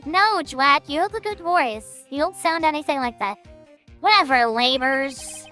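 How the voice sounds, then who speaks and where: A woman's voice: high voice, measured pace, bright, forceful tone, faint music behind. A woman streamer chatting casually and self-mockingly while playing a game, with joking asides.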